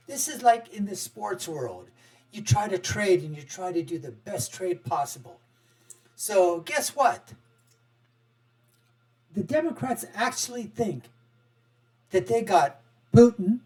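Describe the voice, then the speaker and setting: A middle-aged man hosting an online political commentary show, sarcastic and animated, with chuckling asides. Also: sits high, unhurried, pauses often. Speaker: host.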